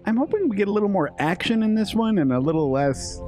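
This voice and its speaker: A man co-hosting a gameplay show, bemused and quick to laugh. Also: high-pitched, expressive, a little mellow, faint music behind. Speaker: co-host. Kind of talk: casual gameplay commentary.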